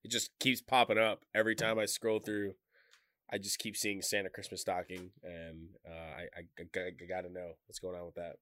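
A man with a fairly low but bright, forceful voice, asking questions in a hesitant way with many restarts. The sound is close and dry. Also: flat delivery, moderate pace, no room sound. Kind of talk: casual chat, asking questions.

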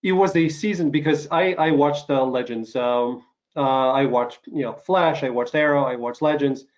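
A man hosting an interview show, recovering from an illness and coughing now and then, speaking haltingly with many fillers and restarts. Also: medium pitch. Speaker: talk show host. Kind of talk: casual interview chat.

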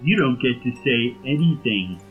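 A man voicing a fat, giggly male halfling gatekeeper who teases everyone in a high, cackling voice. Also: lively intonation, moderate pace, narrow, tinny audio, soft background music, natural voice. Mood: gleeful teasing. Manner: high-pitched, cackling, teasing.

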